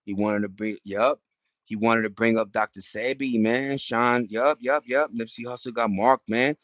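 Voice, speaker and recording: A man's voice: medium pitch, fairly even intonation, normal speed, a bit bright, no room sound. A young man hosting a casual chat, rambling in slang with many restarts. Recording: dull dry lo-fi sound.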